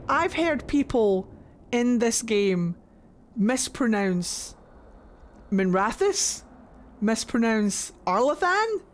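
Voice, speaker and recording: A woman with a Scottish accent chatting casually while streaming a game, rambling and swearing freely. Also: on the high side. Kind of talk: casual live-stream chat.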